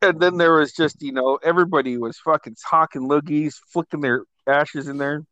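A man with a slightly raised pitch spins rowdy stories from the past, cursing casually and chuckling between lines. The sound is close and dry, with no room echo. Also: brisk, muffled recording. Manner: profane, animated storytelling with laughter. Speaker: host. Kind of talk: casual storytelling chat.

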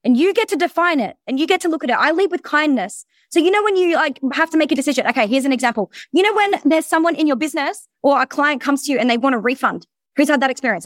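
A woman business coach, giving a blunt, energetic presentation and swearing freely. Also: high-pitched, dry recording, clean studio sound. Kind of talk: recorded presentation.

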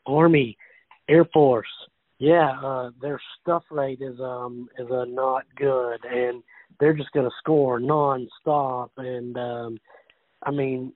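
A man leaving a halting voicemail about a team's defense, full of fillers. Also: medium pitch, steady tone, no echo. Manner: hesitant then exasperated. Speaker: voicemail caller. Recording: tinny dry phone voicemail.

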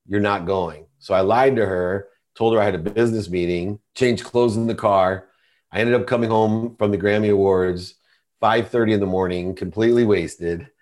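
A man's voice: on the low side, steady tone, moderate pace, darkish tone. A middle-aged man, a podcast guest, telling a personal story in an earnest, confessional way.

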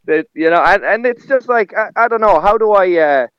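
A man's voice: high voice, animated, fairly quick, clean tone, no echo, lo-fi sound. A man, a stand-up comedian chatting casually, rambling through stories with restarts and laughter. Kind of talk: casual conversation.

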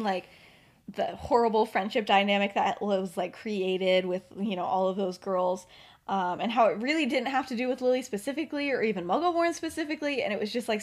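A young woman recounts a story in a loose, chatty podcast style, her voice sitting a little high. She fills her sentences with "like" and "um" and circles back as she talks. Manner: chatty, many fillers like "like" and "um". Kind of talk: casual storytelling.

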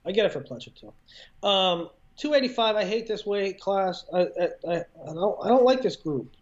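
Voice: mid-range voice, animated, moderate pace, dull audio. A podcast co-host talking over a call on earbuds, chatty and questioning in casual sports banter. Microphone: earbuds over a remote call.

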